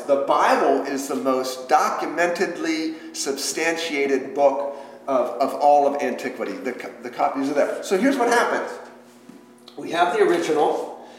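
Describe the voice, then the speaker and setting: A man's voice: a little high, slight background noise. A man leading an interactive Bible study lesson, talking conversationally, quizzing the class with questions and making playful joking asides. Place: church hall. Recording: echoey church hall with long reverb.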